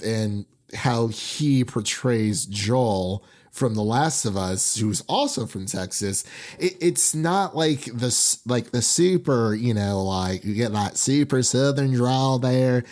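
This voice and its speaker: A man's voice: mid-range voice, darkish tone. A young man hosting a film review podcast, chatting casually into his microphone, rambling with many fillers and restarts. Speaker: podcast host.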